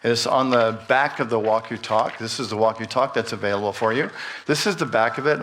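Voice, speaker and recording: A middle-aged man speaks from a church pulpit, calm and very unhurried. His voice sits at an ordinary pitch, and he gently guides the listeners through a breathing meditation with light humor. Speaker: minister. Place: church sanctuary.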